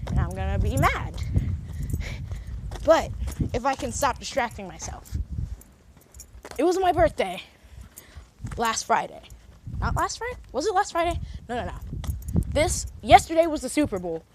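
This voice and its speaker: A woman's voice: sits high, very animated, moderate pace, pauses often, background noise. A young woman vlogging from her phone, rambling and correcting herself in a casual monologue. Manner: rambling, self-correcting, heavy use of filler words. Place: recording on a phone while out and about.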